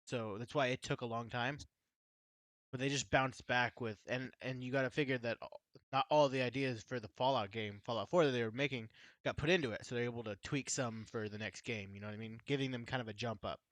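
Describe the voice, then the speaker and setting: A man's voice: mid-range voice, fairly even intonation, brisk, fairly bright tone, no echo. A man co-hosting a podcast in casual chat, explaining things with hesitant fillers. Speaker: podcast co-host.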